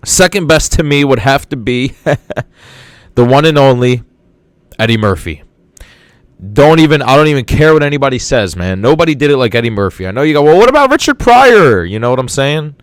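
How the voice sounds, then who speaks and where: A man's voice: medium pitch, animated, moderate pace, no room sound. Man, podcast host, casual monologue, rambling, enthusiastic, mid-range voice, dry close sound. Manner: rambling, repeats words, enthusiastic.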